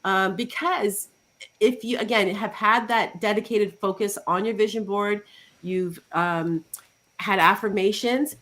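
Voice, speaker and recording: A woman's voice: medium pitch, unhurried. A woman life coach, a guest on a talk show, chatting casually and telling client stories with acted-out quotes. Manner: animated storytelling with acted quotes. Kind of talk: casual interview chat.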